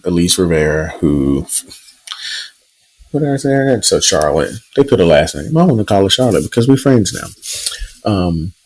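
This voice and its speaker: A man co-hosting a podcast, telling a news story in relaxed casual chat with plenty of fillers. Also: sits low, rough recording. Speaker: podcast co-host.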